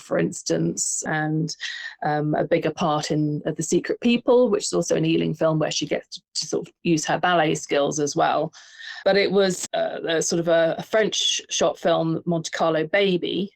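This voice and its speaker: A woman with a fairly low voice, talking as a podcast guest who lectures on film. She is measured and conversational and leans on "sort of" again and again. Her voice sounds dry and close, with little room sound. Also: gravelly, no echo. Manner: measured, peppers speech with "sort of".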